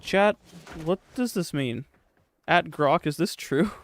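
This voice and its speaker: A man's voice: a little high, expressive, slow, a bit bright, no room sound. A young man streaming a game, chatting casually with his chat in a sarcastic, profane, rambling way.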